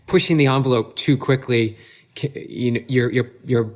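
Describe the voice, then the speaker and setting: A man's voice: medium pitch, fairly even intonation, normal speed. A man hosting an interview, enthusiastic and encouraging, rambling in long thoughts. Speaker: podcast host. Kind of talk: casual interview chat.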